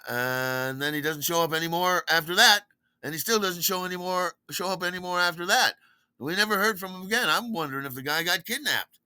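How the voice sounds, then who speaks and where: A man's voice: bright, forceful tone, smooth, no echo. A man hosting a podcast, telling a rambling personal story in a casual way and acting out the dialogue with jumps in his voice. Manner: rambling, acts out quoted dialogue with pitch jumps. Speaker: podcast host.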